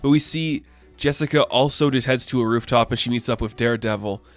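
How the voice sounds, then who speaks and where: A man's voice: medium pitch, a little fast, soft background music. A man giving a casual, enthusiastic spoken review of a comic book, full of "like" fillers. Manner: chatty, enthusiastic, frequent "like" fillers.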